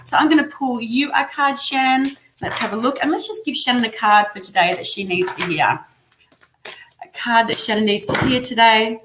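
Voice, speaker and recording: A woman's voice: fairly high pitch, fairly bright tone, slight background noise. A woman with an Australian accent giving effusive, encouraging tarot readings on a live stream. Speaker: tarot reader. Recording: echoey room sound.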